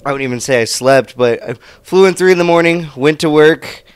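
A man's voice: a little high, brisk, clean tone, no echo. A young man co-hosting a podcast, telling crude joking stories in casual chat. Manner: joking, tells tall tales, laughs a lot. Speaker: podcast co-host.

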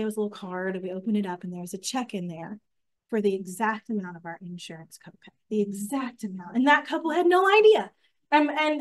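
A young woman teaching a small-group Bible study. Her voice sits on the high side, and her delivery is earnest and chatty. She often restarts her sentences and fills her pauses.

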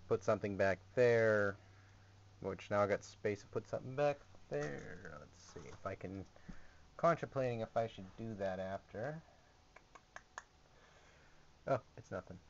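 A man's voice: lowish voice, a little slow, long pauses, muffled recording, a little hiss or hum. A young man giving a rambling, jokey, sarcastic tour of his small gaming closet, recorded on a camera mic. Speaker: vlogger. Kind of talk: casual home video tour.

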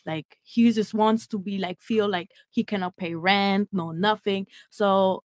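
A woman's voice: mid-range voice, fairly even intonation, a little slow, dry recording, clean studio sound. A young woman from Germany, a podcast guest telling stories in a blunt, giggly way, her English slightly broken. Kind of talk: casual storytelling chat.

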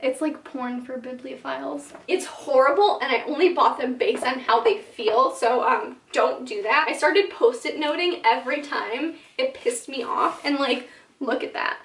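Young adult woman, book vlogger; high voice, chatty, filler-heavy, dramatic asides; echoey room, mic a little distant. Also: moderate pace. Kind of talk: casual talking-to-camera vlog.

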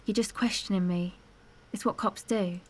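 A woman voices a streetwise young woman in a video game, guarded and defiant. Her answers come out blunt and evasive, at an ordinary middle pitch. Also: steady tone, normal speed, a little hiss or hum, natural voice. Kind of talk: game dialogue.

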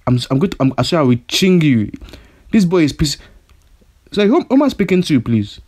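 A man's voice: a little high, big pitch swings, a little fast, a little mellow, voice pushed up. A prank caller voicing a hot-headed male kidnapper who stammers and repeats himself, his threats escalating. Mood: furious. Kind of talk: prank phone call.

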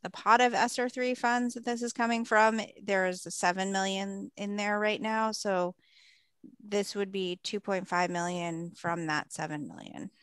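Smooth-voiced woman explaining budget details. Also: mid-range voice, fairly even intonation, a little slow, fairly bright tone, dry recording. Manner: explanatory, careful with figures. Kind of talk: committee meeting discussion.

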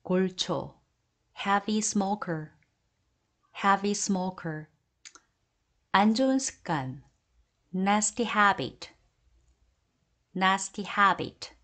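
A woman reading an English vocabulary list, giving each Korean term and then saying the English phrase twice, slowly and deliberately. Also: mid-range voice, lively intonation, fairly bright tone.

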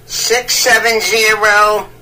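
A man's voice: sits high, level tone, slow pace, noisy background. A man voicing a rambling 73-year-old man on a prank phone call, stammering and cackling while he mixes up idioms. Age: old man persona. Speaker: scam baiter.

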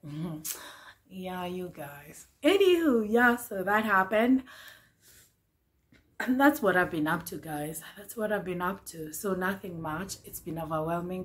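A woman in her twenties chatting to camera as a vlogger, excitable and repeating her phrases. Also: on the low side. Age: 20s. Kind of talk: casual chat to camera.

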